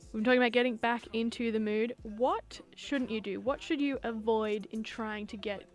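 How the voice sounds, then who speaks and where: A woman hosting a radio show, upbeat and brisk as she introduces her guest. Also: a little high, fairly even intonation. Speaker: radio host. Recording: music playing under the voice.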